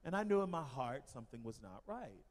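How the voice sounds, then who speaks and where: Male missionary speaker, animated testimony, average pitch, long hall reverb. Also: brisk. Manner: animated storytelling with fillers. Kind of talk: church testimony. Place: church hall.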